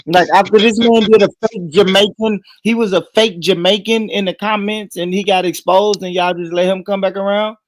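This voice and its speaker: An American man co-hosting a livestream, loud and teasing, laughing often in casual banter. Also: sits high, fairly even intonation, moderate pace, few pauses, no echo. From United States. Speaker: stream co-host.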